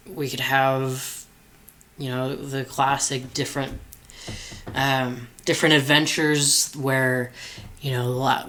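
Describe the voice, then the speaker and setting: A man's voice: mid-range voice, bright, forceful tone, poor audio. A man co-hosting a podcast, brainstorming hesitantly with many fillers and restarts. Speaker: podcast co-host. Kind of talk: casual brainstorming chat.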